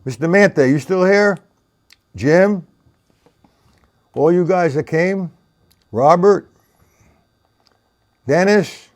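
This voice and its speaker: High-pitched and drawing out his words with long pauses, a man teaches drums over a live stream, answering chat by naming viewers and counting rhythms aloud as he plays them.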